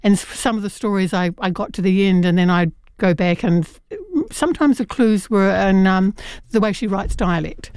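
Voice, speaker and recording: A woman's voice: mid-range voice, a little mellow, clean tone, dry recording, clean studio sound. A woman reviewing a short story collection in an earnest, chatty way, with many fillers and restarts. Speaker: book reviewer. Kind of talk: radio book review chat.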